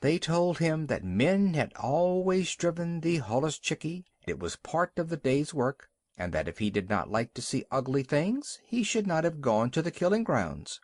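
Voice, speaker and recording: A man's voice: a little high, sing-song, moderate pace, hardly any pauses, a little mellow, no room sound, studio quality. A man narrating a classic animal story as an audiobook reader, telling it expressively. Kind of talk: scripted narration.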